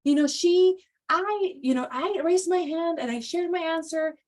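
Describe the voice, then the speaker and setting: Woman putting on a tearful schoolchild, high, whiny, rushed, upset kid's voice. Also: far from the mic. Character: upset child complaining about school.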